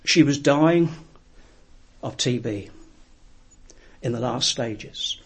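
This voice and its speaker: A man preaching a sermon, telling a story in an earnest, reflective way with frequent pauses. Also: mid-range voice, slightly rough.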